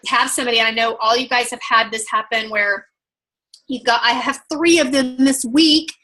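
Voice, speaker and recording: A woman's voice: fairly high pitch, sharp tone, low-quality recording. A woman with an Oklahoma accent coaching a group on follow-up conversations, upbeat and emphatic. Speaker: sales trainer.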